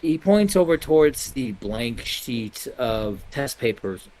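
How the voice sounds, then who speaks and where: A man narrating as game master in a loose, halting way with many self-corrections. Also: mid-range voice, sing-song, darkish tone, rough recording.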